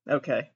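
A man's voice: sits high, a bit bright, slightly rough, no room sound. A man hosting a casual solo podcast, reading trivia questions aloud while often breaking into flustered laughter. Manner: giggly, flustered, keeps laughing and exclaiming. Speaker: podcast host. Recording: dull, lo-fi sound.

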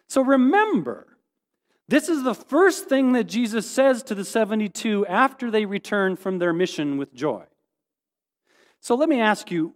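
Pastor guy giving a sermon, high-ish voice that swings up and down a lot, keeps asking the crowd questions, bit of hall echo. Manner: animated, acts out quoted voices, asks the congregation questions.

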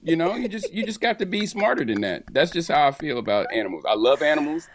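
A man co-hosting a talk show, telling jokes in animated casual chat. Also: on the high side, fast talker, noisy background. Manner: joking, animated storytelling. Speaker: co-host.

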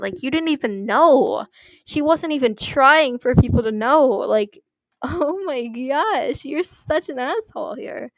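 A young woman with a fairly high voice reads online posts aloud, then drops into loose, chatty commentary. She leans on "like" a lot and apologizes for her reading slips. The sound is close and dry. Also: dry recording. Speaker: story reader and commentator.

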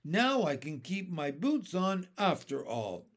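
A man's voice: high voice, big pitch swings, slow, exaggerated voice. A man voicing a cheeky, boastful male centipede in a storybook, bossy and mocking. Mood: grandly teasing.

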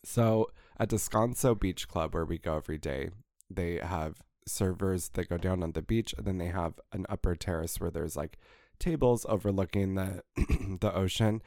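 A man co-hosting a podcast, chatting casually and telling an animated, jokey story. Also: sits low, normal speed, dry recording, clean studio sound. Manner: animated, jokey, raises voice for quoted lines. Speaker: podcast co-host.

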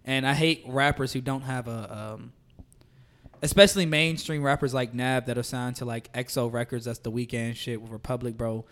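A man's voice: medium pitch, moderate pace. A man with an American accent, ranting in a casual, profane chat among friends and giving strong opinions. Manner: animated, profane, opinionated rants.

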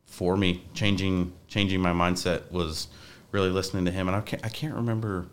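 A man's voice: low-pitched, little pitch movement, brisk. A young man, a podcast guest, talking casually in a rambling way with many restarts. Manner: rambling, restarts often, says like a lot.

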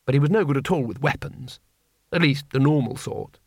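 A man narrating an audiobook in a wry, expressive storytelling manner. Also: mid-range voice, a little fast, vocal fry, breathy edge, no room sound, clean studio sound.

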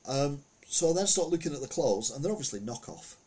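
A man's voice: on the high side, lively intonation, fairly quick, warm tone, slightly rough. A man giving a casual, rambling commentary on the week's news, full of anecdotes and asides.

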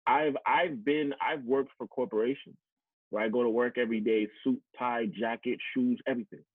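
Telling personal stories in a candid, conversational way, an adult Canadian man past teachers college speaks bluntly, swearing and repeating words for emphasis. His medium-pitched voice is slightly rough, with a steady tone at normal speed, on a dry recording that sounds tinny and phone-like.

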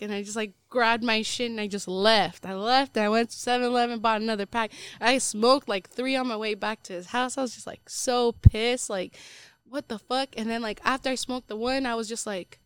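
A woman's voice: fairly high pitch, steady tone, fairly quick, hardly any pauses, fairly bright tone, clear, resonant tone, no echo. A woman on a podcast telling a personal story in casual chat, rambling with lots of fillers. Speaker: podcast co-host.

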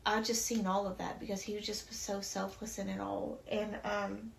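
A woman's voice: medium pitch, level tone, moderate pace, creaky, roomy sound, slight background noise. Chatty woman telling a personal story. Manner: chatty, many fillers, emotional and faith-filled. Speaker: podcast guest.

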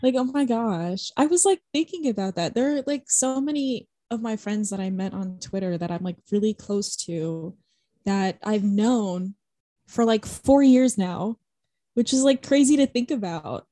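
A woman's voice: mid-range voice, measured pace, warm tone. A young woman co-hosting a podcast, chatting casually and gushing, laughing often and filling her talk with "like". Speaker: podcast co-host. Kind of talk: casual chat.

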